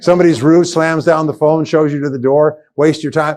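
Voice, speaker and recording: A man's voice: fairly high pitch, normal speed, darkish tone. Emphatic man lecturing a seminar audience. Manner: emphatic and repetitive, drilling key phrases. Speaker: motivational speaker. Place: seminar room with a live audience.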